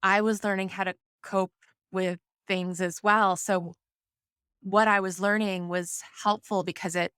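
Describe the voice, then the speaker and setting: A woman's voice: mid-range voice, level tone, measured pace, a bit bright, smooth, dry recording, clean studio sound. A woman in her forties, a podcast guest, talking candidly about parenting and sobriety, rambling with frequent restarts and fillers. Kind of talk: conversational interview.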